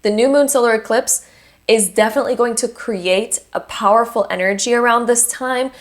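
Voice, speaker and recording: A woman presenting a monthly astrology forecast in an unscripted, earnest and encouraging way, with fillers and restarts. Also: fairly high pitch. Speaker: astrology YouTuber.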